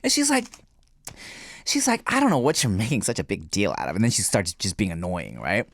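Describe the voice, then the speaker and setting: Podcast co-host, male, casual and animated, voices the people in his stories, dry recording. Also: fairly low pitch, fairly quick, dry recording. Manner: animated storyteller, acts out quoted voices, laughs a lot.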